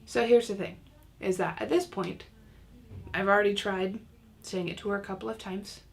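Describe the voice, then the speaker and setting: A woman's voice: medium pitch, fairly even intonation, normal speed, gravelly. A woman teaching a recorded parenting lesson in a casual, chatty way with self-mocking humor.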